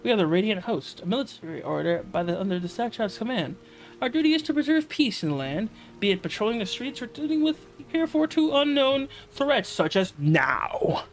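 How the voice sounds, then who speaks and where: A man's voice: high voice, very animated, a little fast, poor audio. A man voicing a formal, dutiful soldier of a military order in a video game, reading in a stilted, read-aloud way. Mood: earnest.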